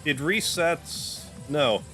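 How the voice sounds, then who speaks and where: A man hosting a gaming livestream, chatting loosely while playing and cooing softly at his cat. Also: fairly high pitch, lively intonation, drawn-out words. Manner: rambling, loose, full of "like"; softens to a coo when talking to his cat. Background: game music.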